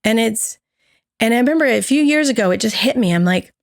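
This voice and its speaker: A woman's voice: fairly high pitch, fairly quick, gravelly, no room sound, clean studio sound. A woman co-hosting a podcast, candidly telling a personal story and acting out the voices of others in it. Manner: candid, animated, acts out quoted dialogue. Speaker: podcast co-host.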